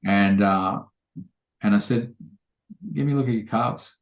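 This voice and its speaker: A man's voice: fairly low pitch, unhurried, echoey room. A man, a trainer telling rambling anecdotes full of quoted dialogue in a casual podcast interview.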